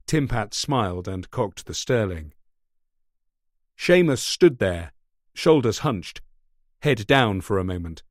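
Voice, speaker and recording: A man narrating a thriller audiobook in a steady, measured way. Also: lowish voice, no room sound, clean studio sound. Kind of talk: scripted narration.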